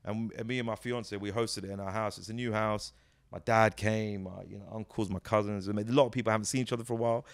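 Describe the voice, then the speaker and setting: A British man in his thirties, a comedy actor, chatting as an interview guest in an animated, storytelling way. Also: lowish voice, fast, smooth. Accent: British English. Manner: animated, storytelling, many "you know"s. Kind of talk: casual interview chat.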